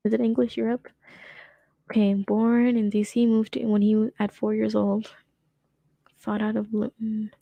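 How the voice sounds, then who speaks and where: A woman's voice: medium pitch, level tone, moderate pace, vocal fry, long pauses, dry recording, lo-fi sound. A young woman hosting a casual reaction commentary, sarcastic and rambling, often laughing as she talks. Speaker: commentary host.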